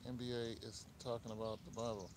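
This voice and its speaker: A talkative man runs his live stream in a loose, offhand way, his pitch sitting right in the middle. A faint hiss of noise runs behind him. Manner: talkative, animated, quick asides and laughs. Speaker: online show host. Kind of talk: casual live-stream chat.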